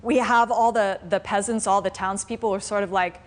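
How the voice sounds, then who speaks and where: A woman's voice: medium pitch, steady tone, fairly quick. A woman meditation teacher telling a story and teaching a live class in a reflective, conversational way. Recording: faint room noise from a live stream.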